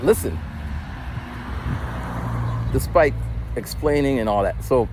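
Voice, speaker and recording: A man's voice: mid-range voice, animated, slow pace, noisy background. A man in his forties casually telling a story while walking outdoors, rambling and stammering through frequent restarts. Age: 40s. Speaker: vlogger.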